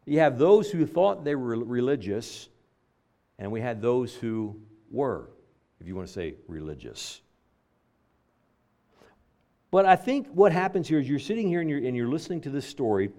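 A man's voice: medium pitch, big pitch swings, normal speed, pauses often, mellow. A man preaching a sermon, driving points home by repeating phrases. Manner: emphatic preaching with stacked repetitions.

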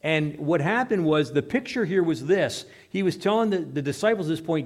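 A man preaching a sermon in a church, with sweeping swings from hushed, low passages to loud, emphatic ones. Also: expressive, brisk, few pauses. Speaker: pastor.

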